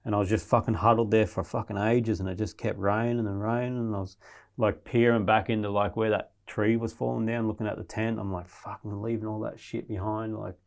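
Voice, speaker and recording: This podcast guest has a fairly low, darkish voice with vocal fry. He recounts his survival ordeal in a loose, restless way, cursing nearly every line.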